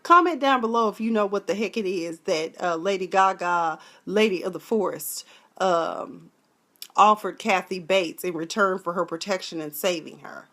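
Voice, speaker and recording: A woman giving a sassy, animated casual review of a TV episode, full of slang. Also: lowish voice, moderate pace. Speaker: TV recap vlogger.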